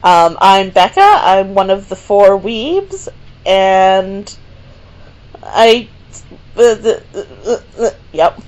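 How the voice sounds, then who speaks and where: Young woman, podcast co-host, giggly, chatty, rambling with fillers, mid-pitched. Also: lively intonation, slow pace, darkish tone, rough recording. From Canada. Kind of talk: casual chat.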